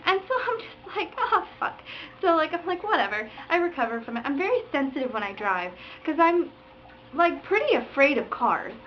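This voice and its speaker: A woman's voice: high-pitched, big pitch swings, brisk. A young woman vlogger telling a driving story in a casual rant, acting out other drivers with sound effects and curses. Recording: dull lo-fi webcam audio with faint noise.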